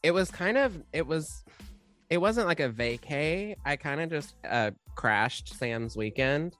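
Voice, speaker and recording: A young woman co-hosting a podcast, chatting casually in a mellow, even tone. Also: low voice, measured pace, soft background music. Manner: mellow, even tone, self-described. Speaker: podcast co-host. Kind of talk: casual chat.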